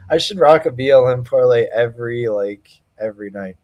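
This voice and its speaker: A young man hosting a casual live stream, trading slangy trash talk and cheering loudly at fight moments. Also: mid-range voice, moderate pace, dull audio, a little hiss or hum. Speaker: stream host.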